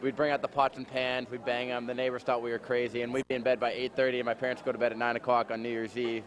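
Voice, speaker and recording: A man's voice: medium pitch, flat delivery, quick pace. A man casually telling rambling family stories at a reunion. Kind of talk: casual storytelling.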